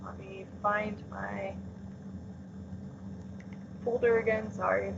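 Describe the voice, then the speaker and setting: A woman's voice: mid-range voice, little pitch movement, slow pace, gravelly. A woman teaching a class over a video call, explaining casually with lots of "um" and "like". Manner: casual, filler-heavy explaining with many "um" and "like". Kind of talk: remote class lesson. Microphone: computer mic on a video call. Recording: dull lo-fi call audio, faint hiss.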